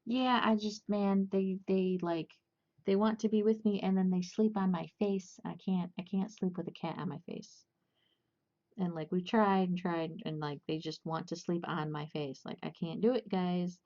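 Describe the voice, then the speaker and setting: A woman's voice: on the low side, steady tone, normal speed, warm tone, highs cut off. A young woman casually chatting and rambling with lots of fillers and restarts while hosting a crochet livestream.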